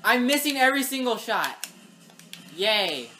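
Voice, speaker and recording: A woman giving live gameplay commentary, excitable, talking to the game and yelling at opponents. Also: fairly high pitch, unhurried, slight background noise. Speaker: gaming channel host.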